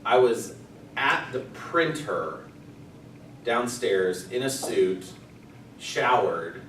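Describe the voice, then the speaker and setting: A man, a pastor, telling a funny story to a group in a casual, animated way with bursts of laughter. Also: medium pitch, very slow, a little hiss or hum. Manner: animated, laughing storyteller who acts out quotes. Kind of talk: casual anecdote told to a group. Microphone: distant room mic. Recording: echoey room, mic far off, chattering group.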